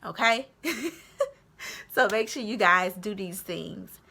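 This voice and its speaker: A young woman talks straight to her viewers in a motivational vlog, encouraging them and circling back to repeat her main points. Her voice is bright and forward, with a clear, ringing edge. She stays in the middle of the female range. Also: medium pitch, slow. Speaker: vlogger. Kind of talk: motivational tips talk to camera.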